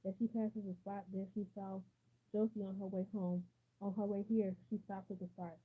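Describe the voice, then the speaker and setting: A woman reading a novel aloud in a steady storytelling manner. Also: medium pitch, moderate pace, slightly rough, poor audio. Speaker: audiobook reader.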